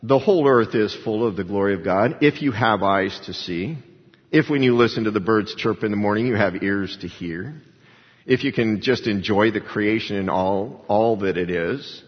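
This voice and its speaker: A man with a husky, slightly breathy voice preaching to a congregation, his words rising into emphatic swells as he acts out the people he quotes. The recording is dull and lo-fi, and a long reverb trails off each phrase as it rings through the church sanctuary. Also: fairly low pitch, normal speed. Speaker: pastor. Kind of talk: sermon.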